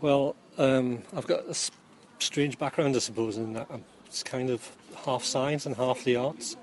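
A middle-aged Geordie man from Newcastle, England, a yarn dyer and former chemistry teacher, rambles through casual interview answers about his work with dry humour and plenty of ums. His medium-pitched voice is a little mellow at a moderate pace, recorded on the interviewer's phone with a faint hiss or hum.

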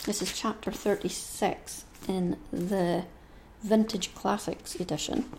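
A woman's voice: mid-range voice, fairly even intonation, takes it slowly, gravelly, darkish tone. A woman hosting a craft podcast, chatting in a homely, rambling way and reading aloud. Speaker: podcast host.

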